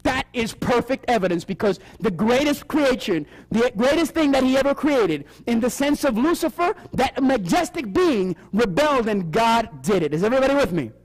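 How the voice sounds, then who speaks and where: Male seminar preacher, high and animated, asks the crowd questions, acts out the voices he quotes. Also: normal speed, hardly any pauses. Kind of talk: Bible prophecy sermon.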